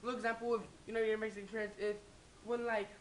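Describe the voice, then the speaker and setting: A woman's voice: on the high side, level tone, very fast, slight background noise, poor audio. A young woman in a casual comedy vlog, rambling and swearing with many restarts. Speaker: vlogger.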